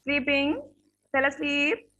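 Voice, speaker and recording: A woman's voice: high-pitched, slow, bright, forceful tone, lo-fi sound. A woman teacher giving a classroom lesson on manners, speaking earnestly, repeating her points and checking in with her students.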